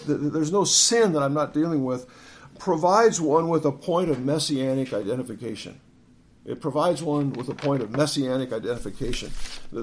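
A man delivers an earnest teaching sermon in a somewhat high-pitched voice. He reads verses aloud and often doubles back to restart his phrases as he explains them. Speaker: preacher. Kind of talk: expository sermon.

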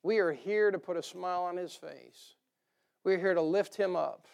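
A man's voice: high-pitched, normal speed, creaky. A man preaching a sermon to a church, folksy and joking, rising to emphatic bursts. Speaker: pastor. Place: church sanctuary.

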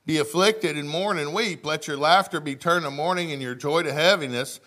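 A man's voice: fairly high pitch, moderate pace, sharp tone. A male pastor, preaching a sermon in church, reading scripture aloud and asking the congregation questions. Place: church sanctuary.

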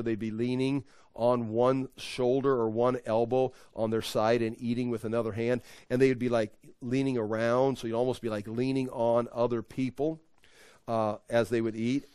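A man's voice: mid-range voice, a little mellow, smooth, dry recording. A man leading an evening Bible study, teaching in a conversational, emphatic way and often correcting himself.

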